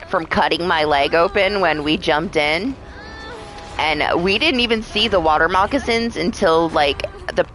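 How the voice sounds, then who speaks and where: A woman's voice: sits low, poor audio. A young adult woman streaming live, telling rambling stories in casual chat, swearing often and laughing.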